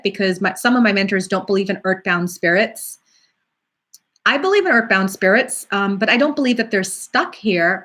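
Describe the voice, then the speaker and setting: A middle-aged woman, a psychic medium, talking casually on a live stream and answering viewer questions in a chatty, animated way. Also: medium pitch. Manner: chatty, animated, acts out quoted voices.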